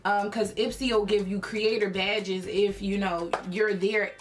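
A young woman from Philadelphia telling a personal story in a casual vlog, chatty and animated, full of fillers and acted-out quotes. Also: mid-range voice, measured pace, music in the background. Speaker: YouTube creator.

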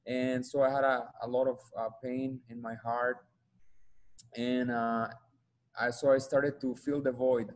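A guest speaker with a Mexican Spanish accent gives a personal testimony in a flat, mid-range voice. He is earnest and halting, repeating himself as he searches for words, and the recording quality is low.

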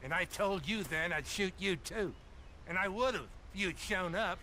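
A man's voice: high voice, a little slow, bright, forceful tone, slight background noise. An actor playing a proud, prickly old male state marshal in a video game, indignant and insistent on his title. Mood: weary. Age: older.

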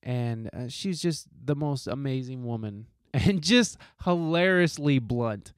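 A man's voice: mid-range voice, animated, takes it slowly, hardly any pauses, clear, resonant tone, no echo, studio quality. A man hosting a podcast, giving a heartfelt, profane, rambling monologue full of restarts. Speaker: podcast host.

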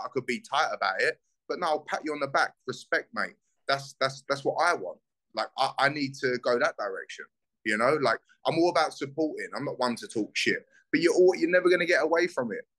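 A young bare-knuckle fighter from South East London with a South London accent speaks in a casual interview. His voice is bright and forceful. He talks bluntly, swears freely and gets heated. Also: mid-range voice, low-quality recording.

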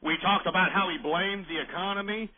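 A man's voice: sits high, a little fast. A man hosting late-night call-in radio, ranting bluntly and angrily with profanity, repeating himself and restarting his words while drinking beer. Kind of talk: late-night political talk radio rant. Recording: tinny, narrow-band broadcast recording.

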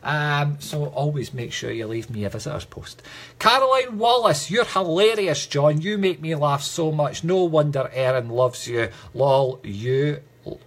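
Scottish guy, psychic medium on a live stream, calls everyone sweetheart, kinda husky voice. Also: on the high side, animated, normal speed. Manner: chatty, affectionate, calls viewers sweetheart. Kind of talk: livestream reading.

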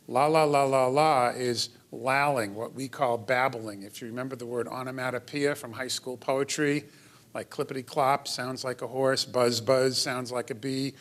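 A man's voice: medium pitch, fairly bright tone. Man lecturing in a hall. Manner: explanatory, wry asides, occasional fillers. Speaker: developmental pediatrician lecturing. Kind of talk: lecture to an audience.

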